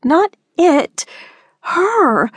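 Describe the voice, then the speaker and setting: A woman voicing a frightened fifteen-year-old girl who pleads softly, in an audiobook. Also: very high voice, very animated, extremely slow, dry recording, voice pushed up, exaggerated voice. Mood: protesting. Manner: soft, pleading, hushed. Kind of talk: audiobook character voice. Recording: dry close studio sound.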